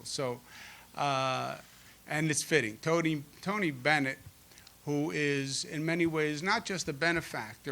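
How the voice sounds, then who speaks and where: A man's voice: mid-range voice, pushed and bright. A man in his fifties with a Queens New York accent, giving a folksy, joking public speech as governor at a school event. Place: school event before an audience.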